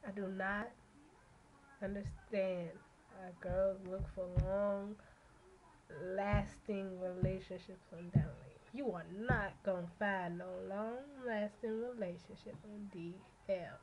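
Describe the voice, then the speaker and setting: A woman's voice: medium pitch, fairly even intonation, slow pace, a little mellow, muffled recording. Blunt, cursing young woman vlogging. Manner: blunt, profane, ranting. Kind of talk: casual rambling monologue.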